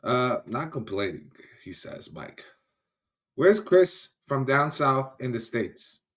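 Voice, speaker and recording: A man's voice: medium pitch, big pitch swings, takes it slowly, a bit bright. A man hosting a casual livestream, greeting viewers by name in a loose, chatty way and often trailing off. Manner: laughs easily, trails off and restarts. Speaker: livestream host. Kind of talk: casual live-stream chat.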